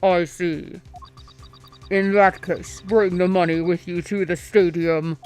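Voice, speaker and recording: Kidnapper with a fake voice-changer sound, woman streamer doing it; slow, low, menacing. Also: steady tone, a little mellow, faint music behind. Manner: slow, lowered, forced voice-changer impression. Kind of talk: reading game dialogue aloud.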